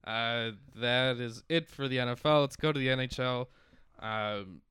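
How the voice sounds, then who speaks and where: A man's voice: medium pitch, steady tone, a little slow, fairly bright tone, smooth, no echo, clean studio sound. A man co-hosting a sports podcast in a casual chat, reading out lists and laughing often. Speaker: podcast co-host.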